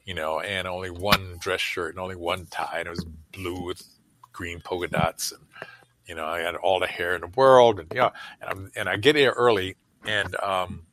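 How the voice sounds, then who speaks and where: Over a call, an older man being interviewed rambles through casual anecdotes, throwing in plenty of fillers, asides and laughter. He speaks at a normal speed in a low, fairly bright voice with fairly even intonation, and the recording is dry.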